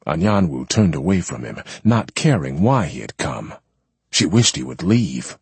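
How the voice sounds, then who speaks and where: A man narrating an audiobook in a calm, measured way. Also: very deep voice, breathy edge, no echo.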